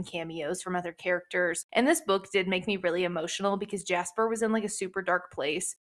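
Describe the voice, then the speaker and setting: A woman's voice: medium pitch, a bit bright. A woman hosting a book podcast, chatting casually and gushing, with lots of fillers. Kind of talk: casual book review chat.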